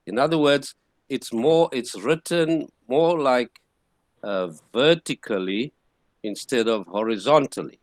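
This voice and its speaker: Slow, patient man teaching. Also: mid-range voice, no room sound. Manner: slow, patient explaining with frequent restarts. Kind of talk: classroom lecture.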